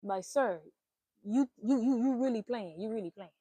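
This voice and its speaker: Animated, blunt woman with a mellow voice. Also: fairly high pitch, moderate pace, breathy edge, dry recording. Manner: animated, swearing, playful exclamations. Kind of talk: casual spiritual reading monologue.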